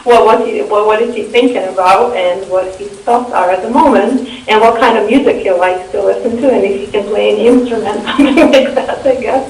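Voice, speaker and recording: A woman's voice: medium pitch, fairly quick, few pauses, darkish tone. A woman with a Russian accent, a guest in a casual interview, giggling and thinking aloud as she answers. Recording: echoey room, far from the mic.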